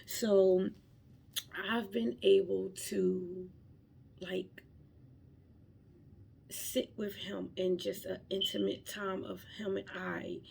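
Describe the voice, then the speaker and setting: A woman's voice: medium pitch, fairly even intonation, slow pace, creaky, pauses often, a little mellow, a little hiss or hum. A young woman giving an emotional devotional talk, fervent and close to tears, repeating her phrases. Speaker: vlogger sharing faith.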